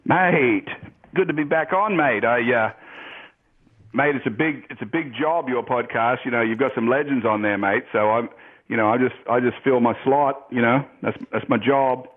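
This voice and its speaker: A man chatting as a podcast guest, lively and loose, with filler-heavy restarts. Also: mid-range voice, moderate pace, narrow, tinny audio. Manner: animated, swears, mimics others in stories. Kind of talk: casual storytelling chat.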